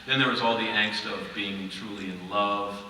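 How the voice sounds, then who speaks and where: A man telling stories at a fan convention panel, lively and laughing, acting out quotes. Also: on the low side, moderate pace. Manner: animated, laughing, acts out quotes. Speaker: convention panel guest actor. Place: large convention hall. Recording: echoey hall from far off, noisy.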